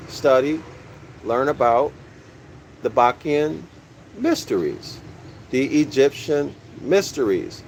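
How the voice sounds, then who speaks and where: A man's voice: mid-range voice, darkish tone, a little hiss or hum, low-quality recording. A man giving a teaching lecture from a book, repeating key phrases and asking his listeners questions, calling them "y'all".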